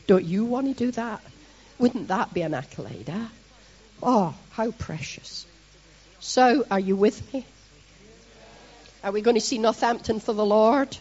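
A middle-aged Scottish woman preaches with a husky, breathy edge, talking to the congregation like old friends and making fun of herself along the way. The recording sounds dull and muffled. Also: a little high, measured pace, pauses often. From Scotland. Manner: lively, chatty and self-mocking, with asides to the congregation. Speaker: church leader preaching. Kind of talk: sermon.

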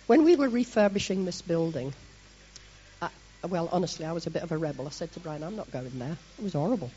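A middle-aged Scottish woman preaches with a husky, breathy edge, talking to the congregation like old friends and making fun of herself along the way. The recording sounds dull and muffled. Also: lowish voice, fast talker. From Scotland. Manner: lively, chatty and self-mocking, with asides to the congregation. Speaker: church leader preaching. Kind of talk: sermon.

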